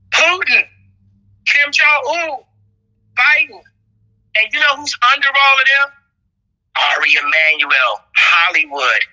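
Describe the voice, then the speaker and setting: A man's voice: sits high, sharp tone, muffled recording. A man talking casually in an online audio room, rambling and breaking into long laughing fits. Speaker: guest speaker. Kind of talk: casual chat.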